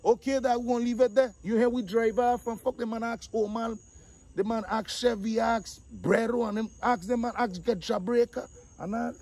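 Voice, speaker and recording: High-voiced man telling a street story. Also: moderate pace. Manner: animated, acts out quotes, repeats 'dog'. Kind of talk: casual storytelling.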